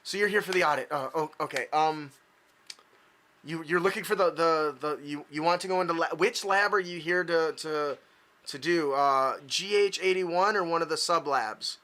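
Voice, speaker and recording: A man's voice: on the high side, normal speed, bright, forceful tone. A man voicing a nervous, apologetic woman lab worker in a tabletop game, stammering through her lines. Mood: flustered.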